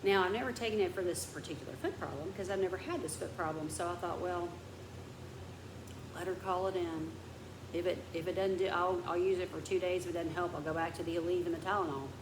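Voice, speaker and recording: Woman vlogger, rambling, vents and whispers, lowish voice, echoey room with noise behind. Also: quick pace. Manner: rambling storyteller who vents and drops to a whisper. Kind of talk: casual chat.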